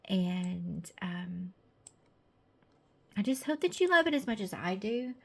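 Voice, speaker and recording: A woman's voice: medium pitch, very animated, takes it slowly, creaky. A woman with a Southern American accent, chatty and gushing, presenting her own tarot deck in a casual video with many fillers.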